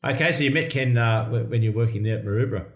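A man's voice: mid-range voice, fast, reverberant. A man interviewing, putting short follow-up questions off the mic.

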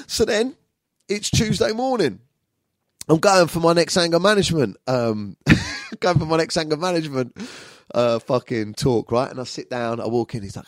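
A man telling an animated, profanity-heavy story in slangy everyday speech as a vlogger. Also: a little high, normal speed, dry recording, studio quality. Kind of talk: storytelling monologue.

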